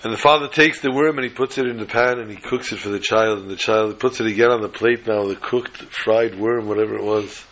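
A man delivers a Torah lesson as a lively sermon, spinning a story and chuckling along the way. His voice is bright and forceful, and he drops in Hebrew quotations as he teaches. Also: fairly low pitch, a little fast, few pauses, a little hiss or hum, rough recording. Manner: animated, chuckling, quotes Hebrew sources.

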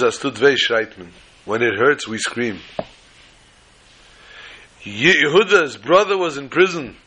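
A man teaching a Torah lesson as a rabbi, telling stories and acting out quotes in an animated way. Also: medium pitch. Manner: animated, acts out quotes, rising to loud exclamations.

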